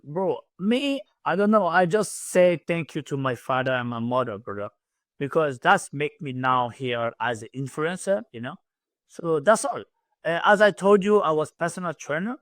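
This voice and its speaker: Animated young man, English. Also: a little high, no room sound. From Ivory Coast. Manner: non-native English, animated, says "you know" and "bro" often. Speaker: guest. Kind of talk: casual interview chat. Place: small room in military lodging.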